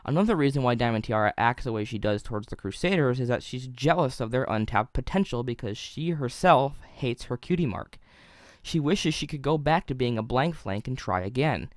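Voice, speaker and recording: A man's voice: mid-range voice, animated, fairly quick, no echo, studio quality. Wry young man narrating a review. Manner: analytical, wry asides. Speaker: video reviewer.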